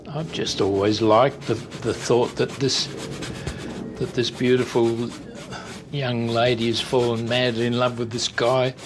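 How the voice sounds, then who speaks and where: An older man with an Australian accent, a painter and entertainer, telling stories in a chatty, animated way. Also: mid-range voice, a little slow, noisy background. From Western Australia.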